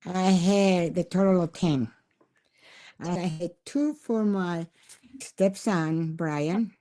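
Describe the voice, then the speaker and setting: A woman's voice: fairly low pitch, slow, mellow. An older woman from Mexico with a Mexican accent and Spanish as her first language, telling stories in simple English on a casual podcast and laughing often. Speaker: guest.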